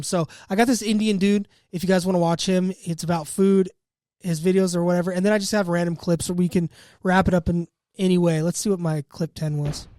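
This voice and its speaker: High-voiced young man joking on a podcast. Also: dry recording, studio quality. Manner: animated, joking, quick to put on silly voices. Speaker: podcast co-host. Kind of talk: casual chat.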